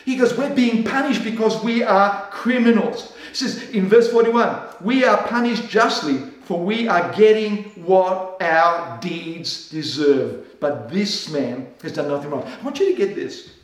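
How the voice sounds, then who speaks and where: High-voiced pastor preaching in an echoey hall. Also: male voice, lively intonation, recorded from a distance. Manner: preaching with dramatic pauses, slowing right down on key lines; acts out the voices of people in scripture. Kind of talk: sermon. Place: church.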